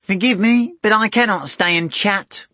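A man voicing a mischievous, grandiose talking black tomcat in a storybook reading, with pompous, drawn-out speech. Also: sits high, bright, forceful tone, no echo, clean studio sound, voice pushed up, full character voice.

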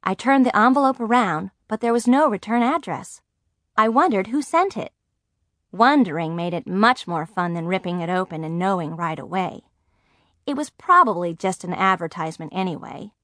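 A woman narrating a first-person audiobook with a lively, expressive delivery. Her pitch moves freely, rising and falling with the story. She is recorded close and dry, with no room sound. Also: normal speed, no echo.

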